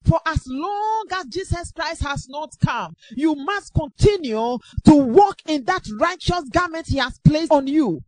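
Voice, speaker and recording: A woman preaching a sermon with impassioned, repetitive exhortation that rises to shouts. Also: high-pitched, animated, a little slow, few pauses, no room sound, rough recording.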